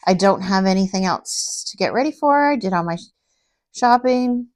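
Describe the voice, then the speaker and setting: A middle-aged woman chatting casually to camera as a craft vlogger, rambling through everyday stories with many fillers and animated bits when she quotes people. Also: mid-range voice, normal speed. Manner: animated when quoting others.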